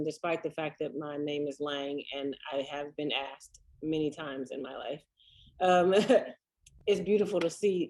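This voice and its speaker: A woman's voice: low voice, darkish tone, rough recording. A woman hosting a public panel conversation, affirming her guests and calling them "sis" and "sweetheart.". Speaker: host and moderator.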